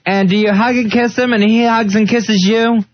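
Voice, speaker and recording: A man's voice: sits high, fairly even intonation, moderate pace, lo-fi sound. A male radio co-host bantering casually in a giggly, sing-song, joking way.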